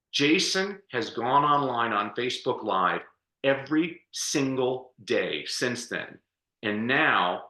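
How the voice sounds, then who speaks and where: Male coach guest, chatty storyteller, tense bright tone, echoey room sound. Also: mid-range voice. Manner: energetic, chatty storyteller who laughs often. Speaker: podcast guest, speaker and coach. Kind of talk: storytelling interview answer.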